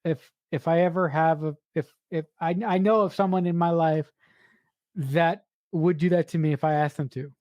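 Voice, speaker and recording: A woman's voice: low-pitched, fairly even intonation, normal speed, mellow, no echo, lo-fi sound. A woman co-hosting a casual movie review podcast, emphatic and blunt, restarting and swearing when she gets worked up. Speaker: podcast co-host.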